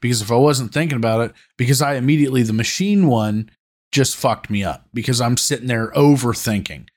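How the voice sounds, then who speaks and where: A man co-hosting a casual podcast spins a rambling story and swears freely along the way. His voice sits in an ordinary middle pitch and keeps to relaxed banter with his friends. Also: brisk. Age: adult parent. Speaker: podcast co-host.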